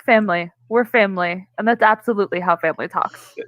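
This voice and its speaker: A woman's voice: mid-range voice, quick pace, dull audio. A woman playing her character in a tabletop game, teasing and playful. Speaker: player. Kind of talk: tabletop role-play.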